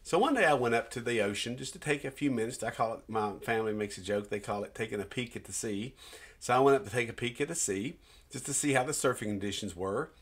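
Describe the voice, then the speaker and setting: A man's voice: medium pitch, husky. Earnest man telling a personal story. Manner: earnest, storytelling, pauses and restarts. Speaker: Christian minister. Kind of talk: personal testimony to camera.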